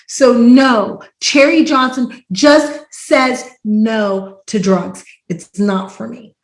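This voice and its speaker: Animated woman podcast host, roomy sound. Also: a little high, extremely slow, hardly any pauses. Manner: animated storyteller, acts out quotes loudly. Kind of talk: casual podcast chat. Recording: roomy echo.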